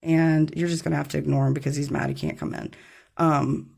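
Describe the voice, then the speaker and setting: A woman's voice: sits low, expressive, a little fast, gravelly, a little mellow, slightly rough. A woman giving a casual tarot reading to her camera, chatty and rambling, apologizing when she gets tongue-tied. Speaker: tarot reader. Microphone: camera mic.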